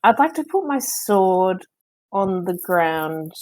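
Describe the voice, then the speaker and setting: Slow hesitant woman player. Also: mid-range voice, very animated, poor audio. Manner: hesitant, many fillers. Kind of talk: tabletop play.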